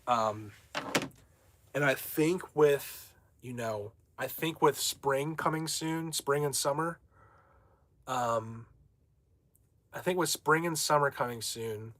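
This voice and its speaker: A man's voice: mid-range voice, fairly bright tone, no echo. Brash young man chatting on a livestream. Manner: brash, rambling, reads viewer comments aloud. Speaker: livestream host. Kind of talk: casual livestream chat.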